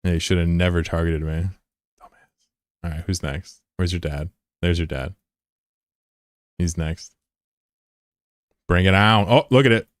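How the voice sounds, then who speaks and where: A man's voice: deep voice, steady tone, unhurried, pauses often, no room sound, studio quality. A man in his thirties casually commentating his live gameplay, loose and profane, giggling and bantering with chat. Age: 30s. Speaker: streamer.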